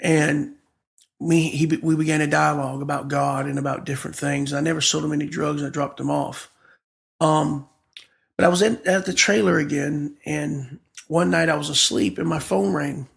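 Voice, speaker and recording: A man's voice: on the high side, fairly even intonation, normal speed, creaky. A pastor, a man, telling his life story with feeling and acting out the dialogue as he goes. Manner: vivid storyteller who acts out the dialogue. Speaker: guest pastor. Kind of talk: emotional personal storytelling.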